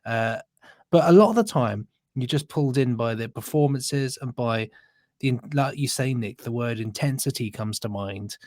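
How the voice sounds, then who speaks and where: British guy, mid-pitched voice, keen and earnest, dry close mic. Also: moderate pace, darkish tone, dry recording. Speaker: podcast co-host. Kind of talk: casual chat.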